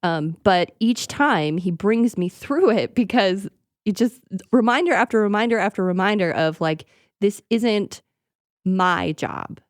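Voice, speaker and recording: A woman's voice: mid-range voice, lively intonation, unhurried, no echo, studio quality. A woman co-hosting a casual faith chat, reacting readily and speaking reflectively about her own experience. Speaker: podcast co-host.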